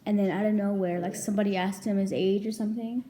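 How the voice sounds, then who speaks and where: Young woman, casual storytime vlog, rambling, lots of "like", soft mellow tone. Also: medium pitch, steady tone, quick pace. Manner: chatty, rambling, heavy filler "like", swears freely. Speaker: vlogger.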